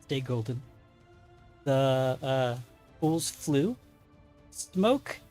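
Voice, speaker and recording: A man's voice: mid-range voice, animated, extremely slow, darkish tone, faint music behind. A man hosting a tabletop stream as game master, chatting casually through announcements with many fillers and self-corrections.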